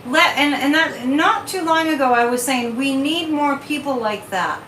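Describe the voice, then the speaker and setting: A woman hosting a casual live stream as a psychic, talking in an animated way, repeating words and reading viewer comments. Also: high voice, moderate pace, a little hiss or hum. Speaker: psychic livestream host. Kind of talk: casual livestream chat. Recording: echoey room, mic at a distance.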